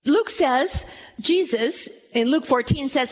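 A woman in her sixties with a high voice teaches from scripture, reading the verses aloud with dramatic emphasis. She turns to her listeners with direct questions. A faint hiss runs under the recording. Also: moderate pace. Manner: addresses the audience directly with questions. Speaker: religious teacher. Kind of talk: Bible teaching talk.

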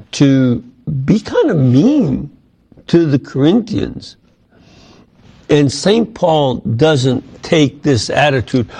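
A man leading a Bible study, reading passages aloud and then unpacking them. He talks slowly, with a warm, mellow tone. He often stops to restart a thought or add an "um". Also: medium pitch. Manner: explanatory, with frequent fillers and restarts.

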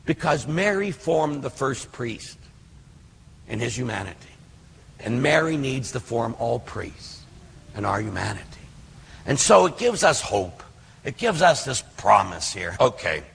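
Older priest with a husky voice. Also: male voice, medium pitch, a bit bright. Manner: earnest, conversational, with fillers and digressions. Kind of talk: teaching talk on prayer. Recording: hall reverb.

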